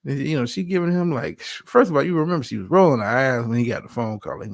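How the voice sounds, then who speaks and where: A man's voice: medium pitch, quick pace, creaky. A man hosting a casual reaction video, playful and laughing often as he talks back to the clip. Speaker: reaction channel host.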